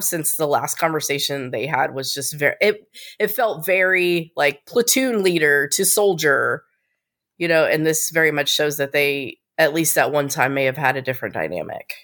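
A woman's voice: low-pitched, fairly bright tone. A woman co-hosting a casual TV recap podcast, laughing often and adding thoughtful asides. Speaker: co-host.

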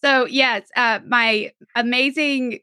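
Bright chatty woman co-host who laughs often. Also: fairly high pitch, steady tone, takes it slowly, clear, resonant tone, dry recording, clean studio sound. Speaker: podcast co-host. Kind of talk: casual chat.

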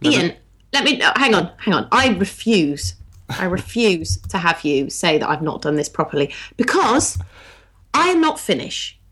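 A woman's voice: fairly low pitch, sing-song, normal speed, a bit bright, husky. Chatty English woman co-hosting. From England. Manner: chatty, teasing, many fillers. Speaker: podcast co-host. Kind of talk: casual chat.

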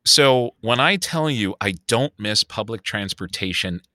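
Chicago man, fifties, podcast co-host, animated storyteller, crisp and bright voice, dry recording. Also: lowish voice, measured pace, no echo. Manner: storytelling, animated, swears freely. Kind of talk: casual chat.

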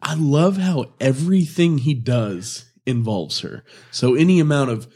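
A man talking at a steady, ordinary pitch in a casual movie review chat. He works from his notes and talks in a measured way.

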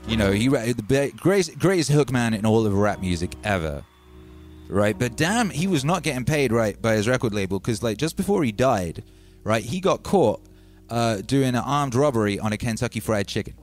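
Music sits faintly behind this casual livestream chat, where a male DJ host reads viewer messages aloud. His medium-pitched voice is lively in intonation and moves at normal speed.

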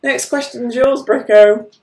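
A woman hosting a podcast, reading listener questions in a casual, animated way and laughing easily. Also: a little high, unhurried, rough recording. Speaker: podcast host. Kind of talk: casual chat.

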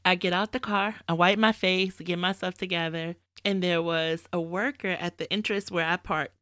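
Woman podcast host chatting about faith, kinda low voice, super dry close mic, candid and animated storytelling. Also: no echo. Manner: candid, animated retelling with quoted asides. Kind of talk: casual faith talk, storytelling.

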